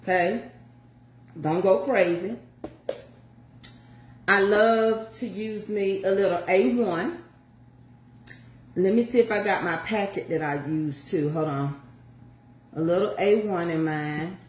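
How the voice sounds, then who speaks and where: A woman's voice: medium pitch, takes it slowly, long pauses, reverberant. An older woman chatting folksily to viewers as she walks through a home recipe. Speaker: home cook showing a recipe. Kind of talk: casual cooking chat.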